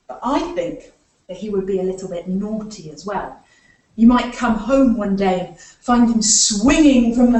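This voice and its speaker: A woman's voice: on the high side, dark tone. A woman leading a live story time for young children, playfully asking them to join in with actions. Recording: echoey room, far from the mic.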